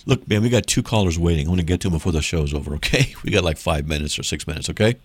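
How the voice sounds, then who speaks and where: Male call-in host, lowish voice, big swings in pitch, preachy, dry studio sound. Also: animated, very fast, husky, no room sound. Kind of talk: Christian call-in radio talk.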